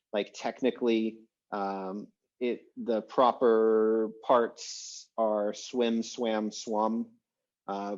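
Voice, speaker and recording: A man teaching an online language class, explaining in a relaxed, chatty way with lots of fillers over a video call. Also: lowish voice, lo-fi sound. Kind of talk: casual online class lecture.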